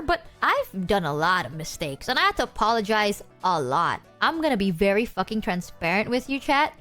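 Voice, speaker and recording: Lively young woman streamer, candid chat. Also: medium pitch. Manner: candid, swearing, joking self-mockery. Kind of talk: casual livestream chat.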